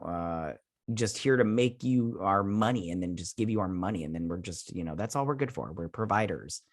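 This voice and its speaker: A man's voice: mid-range voice, a bit bright. A man hosting his own reaction vlog, ranting heatedly with many restarts and fillers. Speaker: YouTube channel host.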